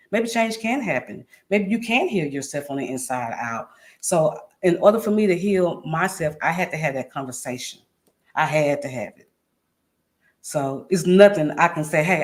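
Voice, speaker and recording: A woman guest telling a personal story in an interview, earnest and emphatic, repeating phrases for weight. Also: deep voice.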